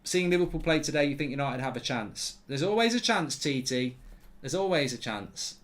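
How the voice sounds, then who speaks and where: A man's voice: fairly high pitch, lively intonation, moderate pace. A man hosting a live football watchalong, chatting with viewers in a rambling, conversational way. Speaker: host.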